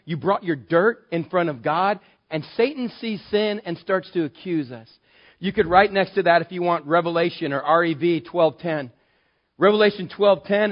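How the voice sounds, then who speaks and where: Pastor, male, slightly high voice, dramatic sermon delivery, dull lo-fi recording. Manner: dramatic, acts out voices of Satan and God.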